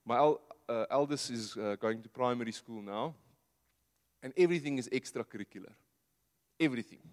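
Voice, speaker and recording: Conversational preacher in a reverberant hall. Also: male voice, fairly quick. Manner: conversational, asks the audience rhetorical questions; drops to a soft low voice for emphasis. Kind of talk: sermon.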